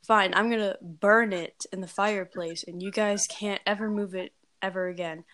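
A woman's voice: mid-range voice, fairly even intonation, moderate pace, a bit bright, lightly acted. A woman voicing a sassy, dismissive teenage girl who sounds whiny and snappy.

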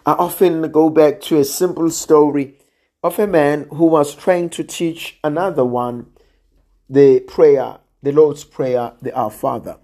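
A man preaching a sermon in a slow, measured way, sometimes dropping almost to a hush for emphasis. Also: on the high side, steady tone. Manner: slow and measured, drops to near-quiet emphasis.

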